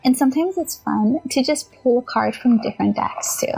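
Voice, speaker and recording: Brief: casual tarot-tutorial host, woman, higher voice with some vocal fry, chatty and giggly, faint music underneath. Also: moderate pace. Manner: chatty, giggly, animated, talks to viewers directly. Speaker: tarot reader and channel host.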